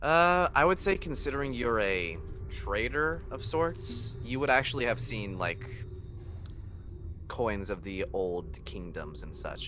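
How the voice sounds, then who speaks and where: A man running a tabletop game as game master, explaining the world calmly with lots of filler words. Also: fairly low pitch, slight background noise.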